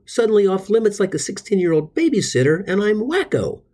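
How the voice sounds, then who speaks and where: Middle-aged guy, husky voice, crude comic stories, pitch bouncing all over, sits a bit high. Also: brisk, few pauses. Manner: crude, exaggerated, bursts into high excited jabs. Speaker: comedy podcast host. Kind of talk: comic storytelling monologue.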